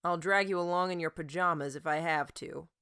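A woman voicing a calm, firm teenage boy who speaks in a level, matter-of-fact way. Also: fairly low pitch, a little fast, smooth, dry recording, clean studio sound.

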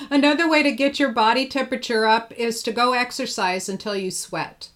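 A woman's voice: a little high, normal speed, a bit bright. Chatty, enthusiastic woman host. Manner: chatty, enthusiastic, laughs often. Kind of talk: casual live-stream interview chat.

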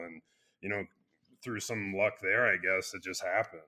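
A chiropractor being interviewed, talking earnestly in a casual conversation with loose restarts and frequent fillers. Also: male voice, on the low side, fairly even intonation, normal speed, pushed and bright. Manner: earnest, speaks in loose restarts with many "you know" fillers. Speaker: chiropractor and clinic founder.

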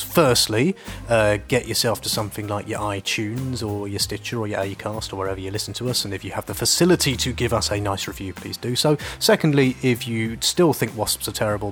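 A man's voice: lowish voice, a little fast, soft background music. A man co-hosting a podcast, chatting casually and telling a long joke in a playful way. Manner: playful, joking. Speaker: podcast co-host.

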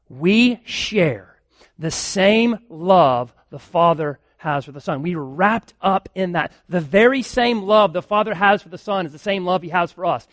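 A man's voice: high-pitched, a bit bright, no room sound, clean studio sound. A man, a pastor, preaching a sermon earnestly, building emphasis with repeated phrases.

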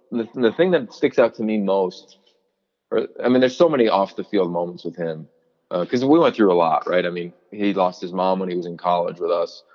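A man in his forties with a low voice, a college football analyst who used to play and coach, tells stories in a podcast interview with lots of fillers and restarts, acting out what people said. The recording is muffled with a long reverb tail.

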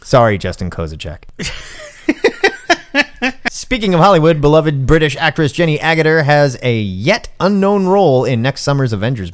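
A man co-hosting a comics news podcast, emphatic and sarcastic in casual chat. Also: medium pitch. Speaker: podcast co-host.

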